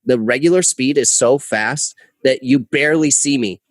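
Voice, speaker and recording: A young man spins a rambling story as a podcast guest, talking animatedly and swearing casually. His voice sits at an ordinary middle pitch. He is close on a podcast mic in a dry room. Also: normal speed, no room sound. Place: podcast studio.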